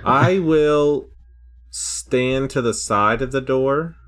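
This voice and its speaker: A man's voice: mid-range voice, very slow, fairly bright tone. A man playing a tabletop game, matter-of-fact and agreeable. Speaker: player. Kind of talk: casual tabletop play.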